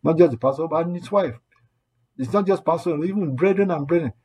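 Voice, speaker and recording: A man's voice: a little high, brisk, husky, highs cut off. A man preaching a sermon, earnest and exhorting, repeating his points and quoting scripture as he goes. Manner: earnest, repetitive exhortation with quoted asides.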